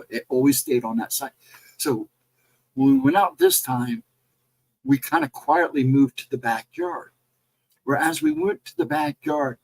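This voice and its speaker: A man telling a spooky encounter in a casual, rambling, animated way. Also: medium pitch, creaky, breathy edge, rough recording. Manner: animated, rambling retelling with restarts. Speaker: storyteller. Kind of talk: casual spoken ghost story.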